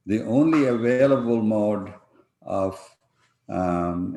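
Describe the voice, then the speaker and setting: Halting male conference speaker, low-pitched, presenting slides from an echoey room. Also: vocal fry, a little mellow. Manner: halting, many fillers and restarts. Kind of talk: online conference talk with slides. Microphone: video call.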